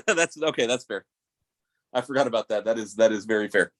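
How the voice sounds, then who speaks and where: A man's voice: fairly low pitch, brisk, a bit bright, dry recording. A man co-hosting a podcast in casual sports chat, rambling and restarting his sentences, laughing often. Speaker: podcast co-host.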